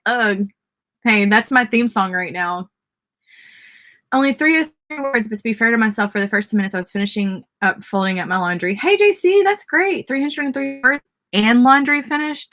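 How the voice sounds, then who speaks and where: A woman's voice: fairly high pitch, lively intonation, moderate pace, a bit bright. A woman with a Southern accent hosting a casual livestream writing sprint and cheering on viewers' word counts. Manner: chatty, cheers readers' comments. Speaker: livestream host.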